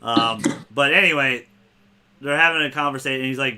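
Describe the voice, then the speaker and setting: Man, podcast host, very bright voice, casual excited chat, swears freely, quotes scenes. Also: mid-range voice, fairly quick.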